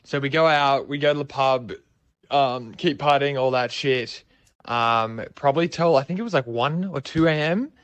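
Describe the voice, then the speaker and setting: A man's voice: medium pitch, normal speed, fairly bright tone, clear, resonant tone, no echo, highs cut off. A young man with an Australian accent, telling a rambling, sweary story in a casual way. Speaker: storyteller guest.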